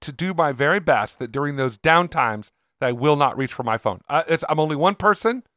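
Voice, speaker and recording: A man co-hosting a casual podcast chat, talking earnestly with halting restarts. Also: on the high side, expressive, a bit bright, no echo, clean studio sound. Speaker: podcast co-host.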